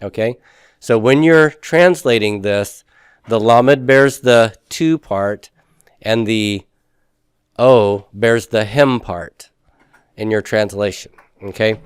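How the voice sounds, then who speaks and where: Smooth-voiced male teacher reviewing a lesson. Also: on the low side, takes it slowly, no echo, clean studio sound. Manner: patient, asks questions then answers them himself. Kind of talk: recorded class review lesson.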